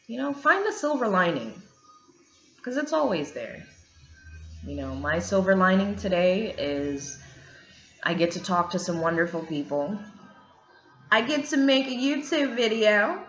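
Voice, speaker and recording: Blunt, lively woman vlogger. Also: medium pitch, a little slow, long pauses. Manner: blunt, swears freely, emphatic. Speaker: vlogger, single mother. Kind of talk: candid casual monologue. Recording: echoey room, dull lo-fi sound, faint music.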